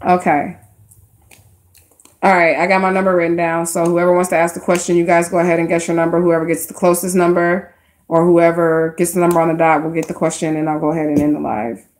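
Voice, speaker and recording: A woman's voice: fairly low pitch, flat delivery, quick pace, a little mellow. A woman giving casual tarot readings on a live stream, speaking straight to her viewers in a chatty, slangy way. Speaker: livestream tarot card reader.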